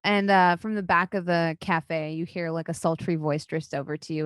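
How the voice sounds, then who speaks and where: A woman narrating as game master of a tabletop horror game, relaxed and loose, with fillers. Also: lowish voice, moderate pace, few pauses, clean tone, dry recording.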